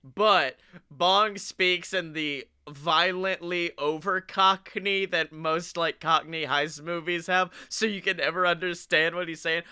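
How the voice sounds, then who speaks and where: A man co-hosting a comedy podcast, riffing excitedly and swearing often. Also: on the high side, unhurried, clean tone. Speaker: podcast co-host.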